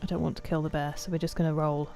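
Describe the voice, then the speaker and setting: A young woman chats her way through a game stream, talking to viewers and reacting loudly when things go wrong. Her voice sits a little low for a woman, with faint music playing in the background. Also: little pitch movement, rapid-fire, vocal fry. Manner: chatty, reacts loudly, talks to chat. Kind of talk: casual gameplay commentary.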